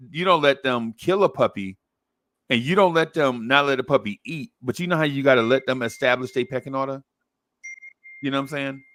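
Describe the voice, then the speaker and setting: Animated storytelling man, dry close mic. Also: medium pitch, no room sound. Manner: excitable storyteller, acts out voices, laughs often. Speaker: podcast co-host telling a story. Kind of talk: casual chat, animated storytelling.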